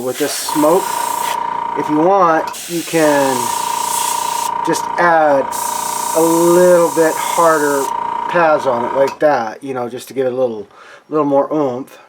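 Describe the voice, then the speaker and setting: A man's voice: a little high, steady tone, measured pace, noisy background. Rambling man at his modeling bench. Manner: rambling, restarts, talks to viewers. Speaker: scale model builder. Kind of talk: casual workbench narration. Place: home hobby workbench.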